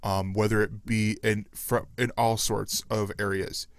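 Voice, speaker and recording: A man hosting a podcast in casual chat, rambling and chatty and quick to laugh. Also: lowish voice, little pitch movement, no room sound, studio quality. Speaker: podcast host.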